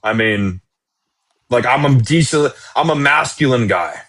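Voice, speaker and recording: A man's voice: mid-range voice, animated, unhurried, a bit bright. A man calling into a live online debate, defensive and rambling, stammering as he talks. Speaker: caller in a debate.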